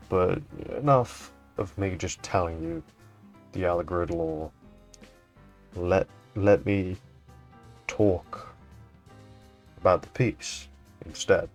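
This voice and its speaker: Rambling deep-voiced young man. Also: slow pace, pauses often, faint music behind. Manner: rambling, swears casually, trails off. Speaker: showcase host. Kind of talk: casual commentary on fan art.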